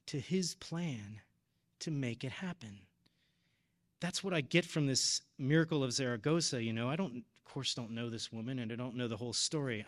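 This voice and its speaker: A man in his thirties preaching, telling a personal story in an earnest, emotional way. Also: medium pitch. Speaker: deacon or preacher at a parish. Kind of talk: personal testimony in a sermon.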